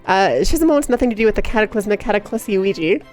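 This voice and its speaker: A woman's voice: medium pitch, expressive, fast talker, darkish tone, faint music behind. A woman live-streaming in casual chat, playful and giggly, teasing her viewers and cooing baby talk at her cat. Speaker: livestreamer.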